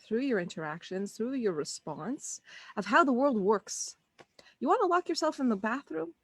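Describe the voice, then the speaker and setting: An earnest woman coaching parents in a relaxed, conversational way, often breaking off to restart a sentence. Her voice sits at an ordinary middle pitch. The sound is dry and close, with no room around it. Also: no echo. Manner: earnest, conversational, full of restarts and acted-out inner thoughts. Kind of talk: live online Q&A talk.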